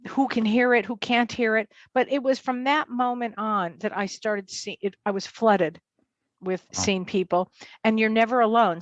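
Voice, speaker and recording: A woman working as a medium tells a personal story as an interview guest, fast and vivid, acting out the dialogue. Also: on the high side, dry recording.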